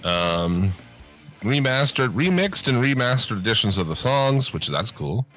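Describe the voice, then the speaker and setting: A man's voice: medium pitch, big pitch swings, a little slow, fairly bright tone, soft background music. A man co-hosting a podcast in casual chat, rambling with many fillers and frequent swearing. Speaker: podcast co-host.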